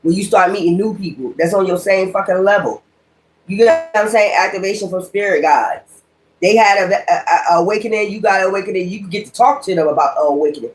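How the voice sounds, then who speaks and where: A woman's voice: medium pitch, quick pace. A woman giving a spoken tarot reading in a blunt, profane, ranting manner. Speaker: tarot reader. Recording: echoey room.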